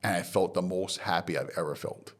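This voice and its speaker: A man from Hawaii with a fairly low voice, speaking as a guest on a podcast. He tells his story in a candid, lively way. When he quotes other people, he acts out their lines. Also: fairly quick. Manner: animated retelling, acts out quoted dialogue.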